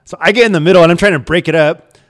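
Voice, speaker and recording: Fast-talking young man, rambling and swearing. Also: a little high, a bit bright. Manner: rambling, swears a lot, laughs often. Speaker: co-host. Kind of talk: casual storytelling chat.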